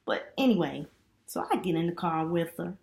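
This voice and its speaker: A middle-aged woman vlogging as a student, telling a chatty, animated story full of asides. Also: on the low side, moderate pace, vocal fry. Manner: chatty, animated retelling with lots of "you know". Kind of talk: casual storytelling vlog.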